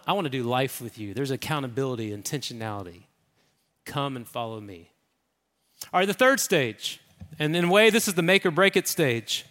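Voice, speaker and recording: A man's voice: a little high, a bit bright. A man preaching a sermon as pastor, in a conversational, emphatic way, acting out the quotes. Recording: echoey hall.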